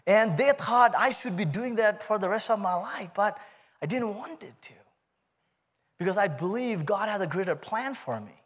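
A man with an Indian accent giving a humorous, animated testimony sermon to a church congregation. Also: high voice, moderate pace, breathy edge. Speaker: guest speaker giving testimony.

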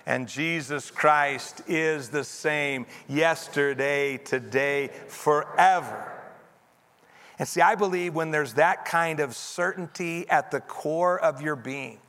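Male pastor, bright slightly high voice, earnest sermon delivery, long hall reverb. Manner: earnest, leads congregation in repeated reading. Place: church sanctuary.

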